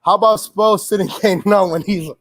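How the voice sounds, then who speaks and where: A man's voice: sits high, moderate pace, fairly bright tone. A man hosting a casual sports show, venting with frustration, swearing and rambling through restarts. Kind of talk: casual pregame-style sports chat, venting.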